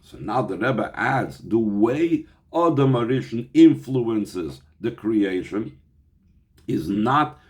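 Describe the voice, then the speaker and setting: A man's voice: lowish voice, lively intonation, takes it slowly. A man teaching a text study class, reading Hebrew passages aloud and explaining them in English, often restarting and repeating words as he thinks. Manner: reads Hebrew lines then explains in English with Yiddish terms. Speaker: Torah teacher.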